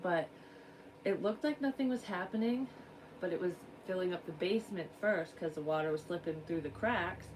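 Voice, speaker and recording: A woman's voice: fairly low pitch, normal speed, recorded from a distance, background noise. A woman working as a psychic medium gives a casual card reading, rambling, frank and swearing freely.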